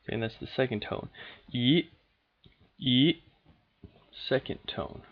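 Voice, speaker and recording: A man teaching a lesson off the cuff, explaining step by step in a patient, steady way with frequent pauses and fillers. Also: fairly low pitch, highs cut off. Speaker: language teacher.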